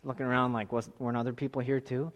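A man in his thirties leading a church class, telling a story in a relaxed way, with soft asides and emphatic bursts. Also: mid-range voice, fast, lo-fi sound. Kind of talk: sermon-style Bible lesson.

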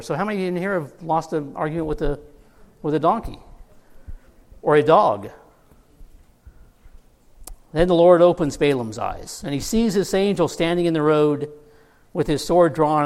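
A man's voice: a little high, unhurried, long pauses. A middle-aged man preaching a sermon, telling a Bible story with humor and acting out the characters' lines. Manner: storytelling with humor, quoting characters in lively voices. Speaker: pastor. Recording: long hall reverb.

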